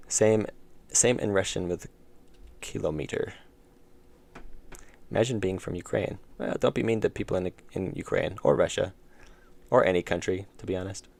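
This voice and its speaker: A man's voice: fairly low pitch, gravelly. A man streaming his game development, talking through his code as he works and chatting with viewers. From United States. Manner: thinks aloud, mumbles while working, chats with viewers. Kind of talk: casual live-stream commentary while coding.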